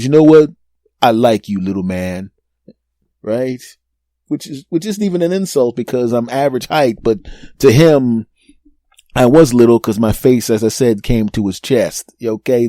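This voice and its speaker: Podcast host, man, fifties, warm mellow tone, dry close sound, rambling self-mocking storyteller. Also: mid-range voice, moderate pace, no echo. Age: 50s. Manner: animated, rambling, self-mocking, repeats words for emphasis. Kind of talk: comedic storytelling monologue.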